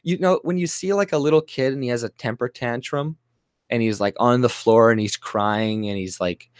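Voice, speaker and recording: A man's voice: mid-range voice, normal speed, clear, resonant tone, no echo, clean studio sound. A man from Canada ranting angrily on his channel, rambling and swearing with many fillers and restarts. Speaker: vlogger. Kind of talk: profane ranting monologue.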